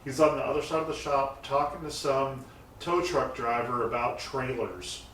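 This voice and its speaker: A man with a mid-range, slightly bright voice talks at a normal pace about building and painting custom cars, spinning shop stories in a loose, rambling style full of fillers and restarts. It's casual interview talk from a garage shop, recorded with a distant mic that picks up roomy echo and faint noise.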